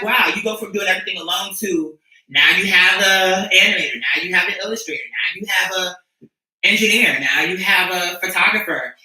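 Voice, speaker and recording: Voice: medium pitch, bright, forceful tone. Sassy, rambling streamer in an echoey room. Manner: rambling, sassy and profane, often restarts. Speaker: streamer and musician. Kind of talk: casual chat with viewers. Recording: echoey room, mic at a distance.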